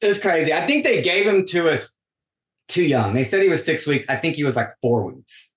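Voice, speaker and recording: A man's voice: fairly high pitch, normal speed. A man on a podcast telling a long story in casual chat, acting out quoted lines and saying "like" a lot. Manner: animated storytelling, acts out quoted dialogue, frequent "like". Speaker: podcast guest. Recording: roomy echo.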